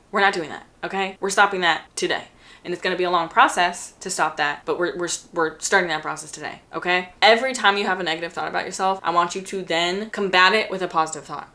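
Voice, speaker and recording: A woman's voice: mid-range voice, pushed and bright. A young woman chatting casually while coloring, answering viewer questions with earnest, encouraging advice and repeating phrases for emphasis. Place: hot room at home.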